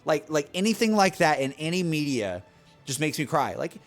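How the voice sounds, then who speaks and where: Animated young male streamer, lively pitch. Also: normal speed, faint music behind. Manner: animated, excitable, restarts and "like" a lot. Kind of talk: casual stream chat to viewers.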